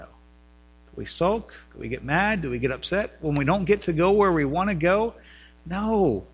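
A man preaching a sermon as pastor in a church, swinging between loud emphatic runs and quiet earnest talk. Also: on the high side, expressive, normal speed, breathy edge.

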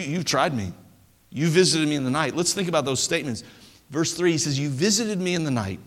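A pastor preaching with a high voice that swings widely in pitch and a bright, forceful edge. He talks in an animated, conversational way, stumbling into quick restarts. His voice rings out with the long reverb of a large church hall. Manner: animated preaching with stammered restarts and playful impressions. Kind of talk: sermon.

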